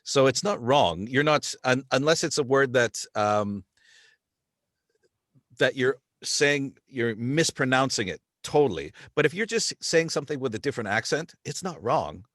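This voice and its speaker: A man's voice: medium pitch, animated, moderate pace, fairly bright tone, dry recording, studio quality. A man hosting a podcast, talking in a rambling way with many restarts. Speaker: podcast host. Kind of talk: casual podcast chat.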